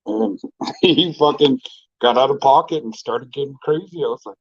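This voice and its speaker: Relaxed, foul-mouthed male vlogger, chatty and rambling, dry and slightly muffled recording. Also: mid-range voice, a little fast, no echo. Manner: laid-back, profane, rambling with many fillers. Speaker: restaurant owner and vlogger. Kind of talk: casual storytelling.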